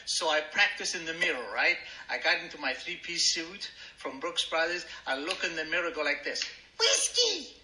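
Older Argentine man, sharp bright voice. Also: fairly high pitch, normal speed, hardly any pauses, roomy sound, poor audio. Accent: Argentine Spanish. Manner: humorous, self-mocking storyteller. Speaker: speaker at a recovery meeting. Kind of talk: personal story told to a meeting.

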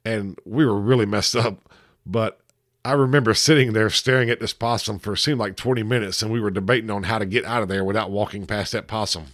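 A man's voice: fairly low pitch, fairly even intonation, brisk, fairly bright tone, dry recording, studio quality. A man hosting a podcast, telling a story in a laid-back, conversational way. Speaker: podcast host. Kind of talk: casual storytelling.

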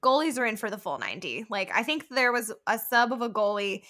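A woman's voice: on the high side, lively intonation, a little fast, bright, forceful tone. A young woman co-hosting a podcast, chatting casually about a soccer match, swearing and laughing often. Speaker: podcast co-host. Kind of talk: casual sports chat.

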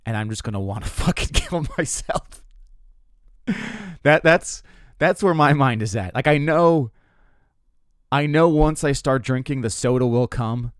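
A man's voice: mid-range voice, unhurried, pauses often, clear, resonant tone, no echo, clean studio sound. A man in his twenties, a comedian and host, telling stories in a rambling, profane, self-mocking way, full of restarts. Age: 20s. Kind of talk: casual comedic monologue.

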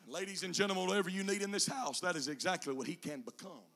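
A man preaching in a high, bright voice with a gravelly edge. He swings from quiet, low teaching passages into shouted, half-sung climaxes, dropping an "uh" before each chanted phrase. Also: lively intonation, fast. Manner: whooping preacher cadence, "uh" between chanted phrases. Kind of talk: sermon.

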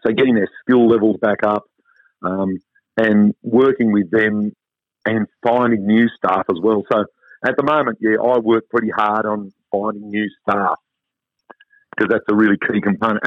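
An Australian man talks through a tinny, phone-like line. His delivery is relaxed and chatty, with an upbeat lift as he explains things. The sound is dry and close. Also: lowish voice, moderate pace, no room sound. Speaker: travel company guest. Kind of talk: phone interview.

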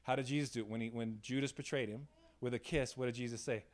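Animated storytelling preacher, a man. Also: mid-range voice, quick pace. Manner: animated, laughing, frequent "right?" tag questions. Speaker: pastor. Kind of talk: informal sermon with storytelling. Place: small room in a church setting.

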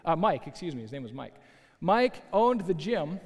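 A pastor preaches a sermon, telling a story in a lively, conversational way with asides to his listeners. His voice is on the high side and his pace moderate, with long hall reverb on the recording.

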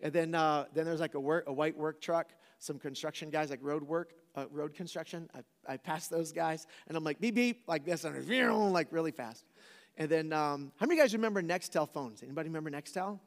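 A man's voice: on the high side, a little fast. Joking preacher man in a reverberant hall. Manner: casual, joking, asks the crowd questions. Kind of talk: storytelling sermon to a live audience.

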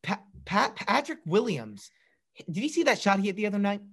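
A man co-hosting a casual sports podcast, excitable and prone to stammered restarts. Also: high voice, a little fast. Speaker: podcast co-host.

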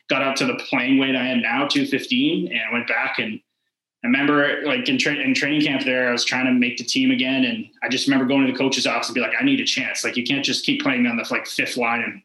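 Fast-talking man, bright echoey voice. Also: mid-range voice. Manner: rambling, heavy use of "like" and quoted dialogue. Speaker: former hockey player, podcast guest. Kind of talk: casual storytelling interview. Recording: echoey room.

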